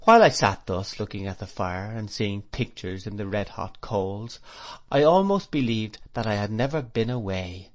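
A man narrating a classic novel as an audiobook reader, in a gentle, reflective manner. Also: fairly low pitch, lively intonation, moderate pace.

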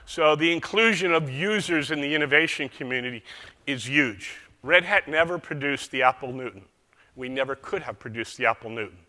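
A man's voice: fairly high pitch, animated, a little fast, sharp tone. A man giving a conference keynote speech in a conversational, joking way. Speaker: keynote speaker. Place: large conference hall. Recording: reverberant hall sound.

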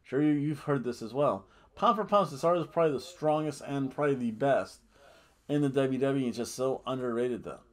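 A man's voice: mid-range voice, a little fast. Rambling, jokey man reviewing wrestling. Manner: rambling, animated, laughs often; jokey booing and mock outrage. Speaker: podcast host. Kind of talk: casual wrestling review chat.

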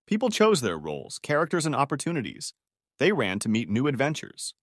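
A man giving a scripted story recap narration in an even, steady read-aloud delivery. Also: medium pitch, dry recording, studio quality.

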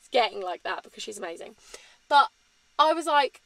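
A woman's voice: on the high side, brisk, fairly bright tone, dry recording. A woman, chatting candidly in a rambling, emotional sit-down vlog. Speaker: vlogger.

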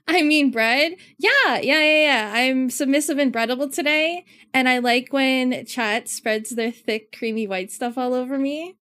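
A woman's voice: sits high, a little slow, pushed and bright. A woman streamer chatting casually, giggly and playful, often teasing. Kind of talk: casual livestream chat.

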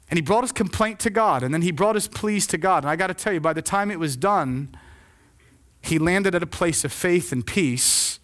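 A man with a high-pitched voice preaches a sermon in a church. He speaks with passion and acts out the prayers and complaints he quotes. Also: fairly bright tone. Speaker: pastor. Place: church sanctuary.

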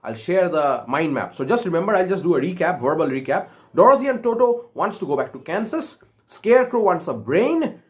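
A woman teacher telling a story to children in a recorded online lesson, pausing for recaps and questions. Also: lowish voice, very animated.

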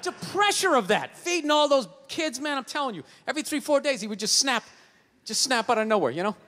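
A man's voice: very high voice, big pitch swings, a little fast, sharp tone, long reverb tail. A man doing stand-up comedy on a stage, ranting profanely with rhetorical asides.

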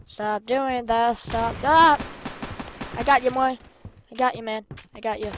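A young woman giving casual commentary while playing a shooter game, excitable and often muttering to herself. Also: fairly high pitch, unhurried, long pauses, slight background noise. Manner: excitable, swears mildly, trails off into mumbling. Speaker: gamer. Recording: faint game gunfire behind.

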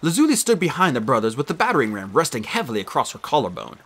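Male narrator, expressive audiobook reading, bright tone, very animated. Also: medium pitch, fast.

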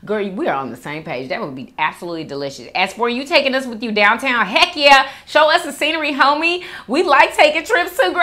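A woman's voice: on the high side, sing-song, fairly quick, pushed and bright. A young woman hosting a food vlog, chatting casually to viewers and calling them girl and y'all. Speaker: mukbang host. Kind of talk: casual chat reading viewer comments.

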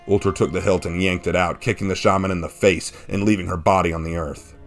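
A man narrating a fan-written action story in a steady, dramatic reading. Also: low-pitched, fast. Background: faint background music.

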